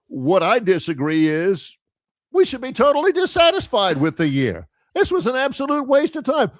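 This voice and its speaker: A man's voice: sits high, dry recording, clean studio sound. A man who hosts a sports talk show and argues his points with emphatic, storytelling energy. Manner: emphatic, argumentative, lively storytelling. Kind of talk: sports talk radio debate.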